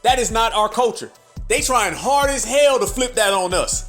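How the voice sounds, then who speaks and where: A man with a strikingly high voice delivers a heated social commentary rant. He talks in an emphatic, sing-song way and circles back to mocking repeated phrases. Faint music plays under him. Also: lively intonation, normal speed, a bit bright. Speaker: commentary channel host.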